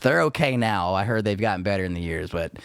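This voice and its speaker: A man's voice: fairly low pitch, animated, fast, gravelly, clear, resonant tone, no echo. Brief: male podcast co-host, casual rambling storyteller, swears freely, dry close-mic sound. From Florida Panhandle. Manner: laid-back, rambling, swears freely, says dude and like a lot.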